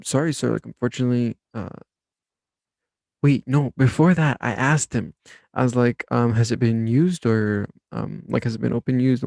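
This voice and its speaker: A young man with a gravelly, middle-pitched voice hosts a self-help podcast. He tells his story in a relaxed, rambling way, full of fillers and restarts. The sound is dry and close, with no room echo. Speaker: podcast host.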